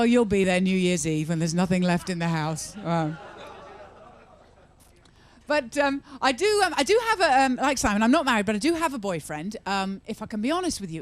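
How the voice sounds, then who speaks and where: A woman performing a stand-up comedy set at a live venue, chatty and sarcastic, teasing the crowd. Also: mid-range voice.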